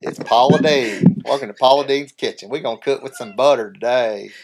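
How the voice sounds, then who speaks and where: A man doing a loud Southern woman who hosts a cooking show, with a drawling American Southern accent. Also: mid-range voice, brisk, a crowd in the background, natural voice. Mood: hammy.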